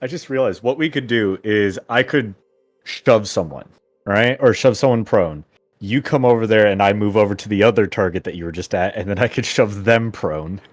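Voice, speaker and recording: A man's voice: fairly low pitch, moderate pace, no echo, faint music behind. A man talking casually as a tabletop game player, eagerly working out tactics aloud.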